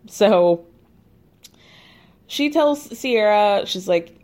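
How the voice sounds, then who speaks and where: A woman hosting a podcast who gives a casual, chatty recap, telling the story in an animated way, swearing freely and laughing at her own asides. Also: medium pitch, normal speed. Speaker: podcast host recapping a reality show.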